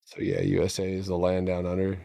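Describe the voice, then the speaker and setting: A man's voice: low-pitched, completely flat delivery, brisk, gravelly, warm tone, no echo, clean studio sound. A man casually chatting through chart setups on a live stream, joking around and swearing freely as he thinks aloud. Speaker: stock trading streamer.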